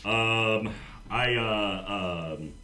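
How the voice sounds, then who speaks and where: A man playing in a tabletop game, easygoing and halting as he describes his action. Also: on the low side, sharp tone, a little hiss or hum. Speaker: player. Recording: echoey room.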